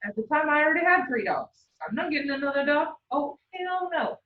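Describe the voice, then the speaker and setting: A woman instructor lectures to a class, slipping into personal anecdotes and laughing easily. Her voice sits fairly high and comes across chatty and animated. The recording is dull and roomy, picked up from across the classroom. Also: moderate pace. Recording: roomy, dull sound from a distant mic.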